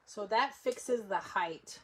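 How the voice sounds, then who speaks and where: A woman's voice: medium pitch, slow, fairly bright tone, husky. Chatty woman teaching a craft live. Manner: chatty, step-by-step, talks to viewers while working. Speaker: papercraft instructor.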